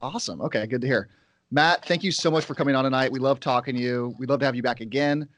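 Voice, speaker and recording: A man's voice: medium pitch, fast, fairly bright tone, dry recording. A man co-hosting a podcast, friendly and joking in casual chat. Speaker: podcast co-host.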